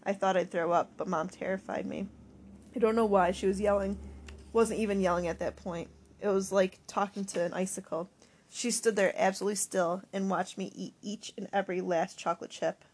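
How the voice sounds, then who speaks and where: Husky woman narrating an audiobook. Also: mid-range voice, fairly even intonation, brisk, a little mellow. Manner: emotional, confessional diary-like reading. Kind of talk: first-person audiobook narration.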